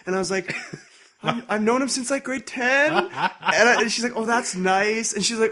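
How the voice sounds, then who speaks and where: A man's voice: high voice, fairly quick. A man in his twenties, co-hosting a podcast, telling a story with lots of laughter. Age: 20s. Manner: animated storytelling, frequent laughter. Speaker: podcast co-host. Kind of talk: casual chat.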